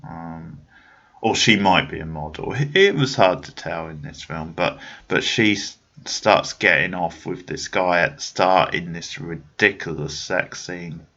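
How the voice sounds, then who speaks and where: A man's voice: deep voice, expressive, unhurried, bright, forceful tone, lo-fi sound. A man hosting a podcast, chatting casually about a film in a rambling way, with many restarts and fillers. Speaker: podcast host. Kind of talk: casual film review chat.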